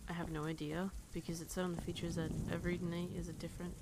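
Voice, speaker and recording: A woman's voice: lowish voice, little pitch movement, fast. Young woman, horror game commentary, jumpy and nervous, faint background hiss. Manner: jittery, nervous laughter, swearing when startled. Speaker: let's play gamer.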